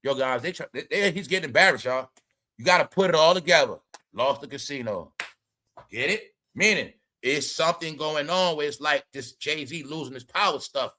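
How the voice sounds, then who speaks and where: A man hosting a casual commentary show, talking in an animated, profane, rambling way. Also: fairly high pitch, moderate pace.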